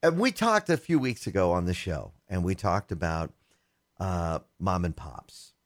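A man's voice: deep voice, lively intonation, a little slow, no echo, studio quality. A man co-hosting a tech podcast in casual chat, teasing and laughing easily. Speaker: tech show co-host.

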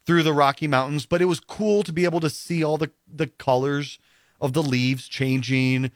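A man's voice: fairly high pitch, steady tone, normal speed, no room sound, clean studio sound. A man telling a long story in casual conversation, rambling with many fillers and acting out what other people said. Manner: rambling, full of "you know" and "like" fillers.

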